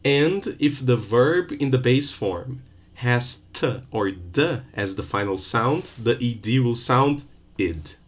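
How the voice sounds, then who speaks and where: A man giving a recorded university phonetics lesson, Portuguese his first language, repeating sounds and examples deliberately. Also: medium pitch, animated. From Brazil. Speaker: university lecturer.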